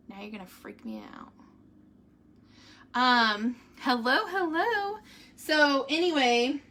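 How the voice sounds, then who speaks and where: A woman with a fairly high, sharp-toned voice vlogs a family update and reads a devotional, chatting in a rambling, casual way with fillers and laughs. She's emotional and at times close to tears.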